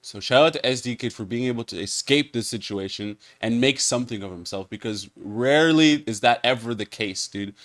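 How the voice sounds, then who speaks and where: A man giving casual reaction commentary with animated, joking asides full of slang. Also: medium pitch, a little fast, hardly any pauses.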